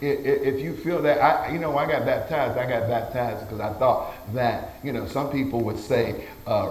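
A man's voice: mid-range voice, normal speed, few pauses. A male pastor preaching a sermon, calling out amen after amen, with folksy phrasing and stammered restarts. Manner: call-and-response preaching, frequent amens. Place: church sanctuary. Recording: echoey church room.

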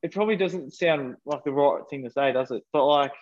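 A man's voice: fairly high pitch, a little fast, a little mellow. Young Australian man, casual podcast guest, rambling, lo-fi recording. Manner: rambling, many fillers like "like". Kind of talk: casual chat. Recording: dull lo-fi sound.

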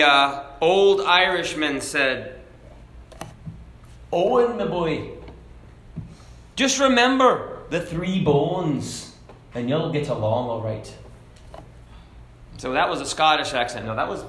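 A man preaching a sermon, slow and deliberate, with a self-deprecating sense of humor. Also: high-pitched, pushed and bright. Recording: echoey room.

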